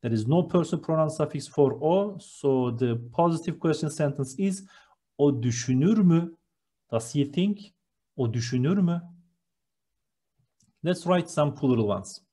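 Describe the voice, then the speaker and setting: A patient male teacher walks through a grammar lesson one step at a time. His voice is mellow and slightly husky, a little higher than most men's. He speaks very slowly and deliberately. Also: expressive. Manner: patient, explains each step while writing. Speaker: language teacher.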